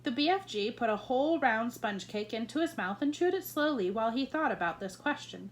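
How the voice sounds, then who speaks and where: A woman teacher reading a children's novel aloud with expressive storytelling. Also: on the high side, brisk, few pauses.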